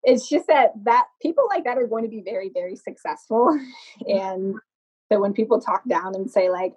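A woman's voice: mid-range voice, normal speed, darkish tone, slightly rough. A young woman makeup artist telling her story in a casual interview, chatty, laughing often and using lots of fillers. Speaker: podcast guest, makeup artist. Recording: slightly dull lo-fi sound.

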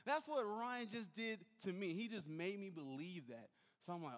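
A young man giving a sermon, telling a lively personal story and acting out the voices of the people in it. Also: sits high, moderate pace, few pauses. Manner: animated storyteller, acts out voices and shouts. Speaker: youth pastor. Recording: long hall reverb.

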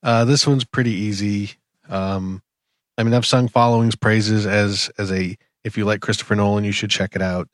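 A man's voice: lowish voice, fairly even intonation, normal speed, no echo, studio quality. A man co-hosting a casual movie podcast, rambling with many ums and restarts. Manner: rambling, full of filler words. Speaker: podcast co-host. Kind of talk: casual chat.

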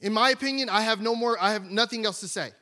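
A male pastor preaching a sermon, asking the congregation rhetorical questions and dropping to a hush for emphasis. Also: high-pitched, fast.

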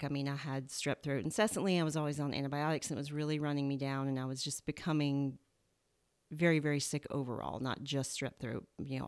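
Woman, Southern US accent, low pitch, chatty, laughs easily, interview guest. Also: creaky. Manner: chatty storyteller, laughs often. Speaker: guest naturopathic doctor. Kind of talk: casual interview chat. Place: home, indoors.

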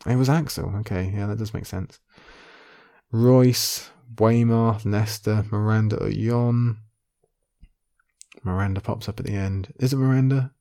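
A man with a low, gravelly voice and a mellow, dark tone talks through a quiz on camera. He muses half to himself and weighs his options before committing to each guess. The delivery is casual thinking-aloud commentary. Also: fairly even intonation, a little slow. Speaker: video creator playing an online quiz.

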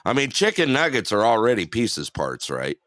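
A man hosts a laid-back radio show, chatting with lots of fillers and easy laughs. His voice sits low but swings around with lively pitch. The sound is dry and close-miked. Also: normal speed, dry recording. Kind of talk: casual radio chat.

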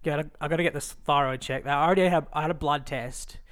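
A man co-hosting a podcast in casual chat, speaking haltingly and restarting his sentences often. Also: a little high, steady tone, fairly bright tone. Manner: halting, with many restarts and fillers. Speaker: podcast co-host.

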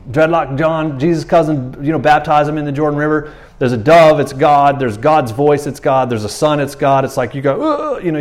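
A man's voice: medium pitch, a little mellow. Casual conversational preacher man. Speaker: pastor. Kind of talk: sermon.

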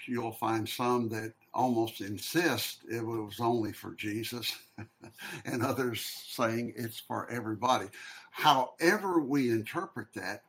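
A man leading a Bible study discussion, speaking in a slow, measured, reflective way and posing questions to the group. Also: mid-range voice. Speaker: discussion leader.

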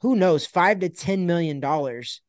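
A man's voice: fairly high pitch, expressive, normal speed, dry recording, clean studio sound. A man hosting a casual podcast, giving blunt opinions with emphatic stress and many stumbling restarts. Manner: emphatic, stumbles and restarts when making a point. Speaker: podcast host and boxing pundit.

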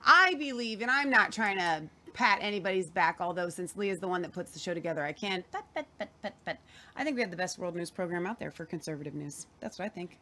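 A woman's voice: fairly low pitch, fast talker, pushed and bright. A woman co-hosting a casual weekly news show, chatty and opinionated. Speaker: co-host.

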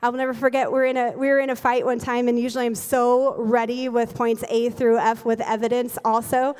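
A woman in her forties, a pastor, preaching a sermon with lively, humorous storytelling and quick laughs. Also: a little high, smooth. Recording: long reverb of a large hall.

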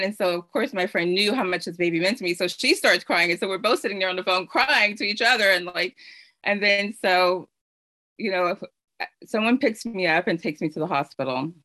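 Earnest, halting woman telling her story. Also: mid-range voice, pushed and bright, no echo. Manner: earnest, halting, many fillers and restarts; emotional storytelling. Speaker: speaker sharing her story. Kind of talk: personal testimony.

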